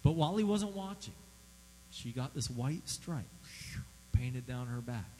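A man preaching a sermon, emphatic and animated, asking his audience questions. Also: mid-range voice, unhurried, big-room sound, slight background noise, low-quality recording. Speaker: pastor.

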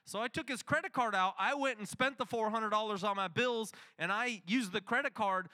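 A man's voice: high-pitched, brisk, pushed and bright. A middle-aged man preaching a sermon, telling a story and acting out the dialogue.

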